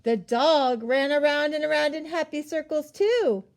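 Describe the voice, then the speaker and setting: A woman's voice: high-pitched, a little slow. A young woman reading a picture book aloud to children, asking them questions and gasping as she goes. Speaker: storyteller.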